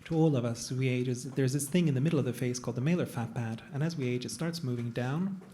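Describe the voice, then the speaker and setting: A man's voice: medium pitch, fast, warm tone. A man, a plastic surgeon, talking casually on a panel to a live audience, digressive and self-deprecating. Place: event room with an audience.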